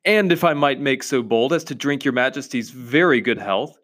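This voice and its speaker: A man's voice: medium pitch, normal speed, a bit bright, lightly acted. A man voicing an old male fox who speaks politely and fearfully to a queen in a storybook reading. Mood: timid. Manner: timid, deferential.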